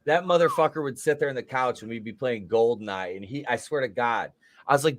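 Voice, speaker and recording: A guest at a wrestling watch party who tells crude stories to friends, swearing a lot and laughing his way through them. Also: brisk. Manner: laughing, profane, breaks into high laughs mid-story. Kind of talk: crude casual chat with friends.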